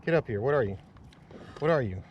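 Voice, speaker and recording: A man vlogging while fishing from a kayak, talking excitedly to viewers and swearing often. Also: mid-range voice, brisk, dull audio, a little hiss or hum. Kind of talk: casual vlog narration. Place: on a kayak outdoors on the water.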